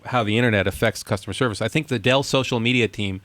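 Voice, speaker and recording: A man's voice: on the low side, quick pace, fairly bright tone, dry recording. A man who works as a tech editor, speaking candidly as a guest on a studio panel. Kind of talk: panel discussion.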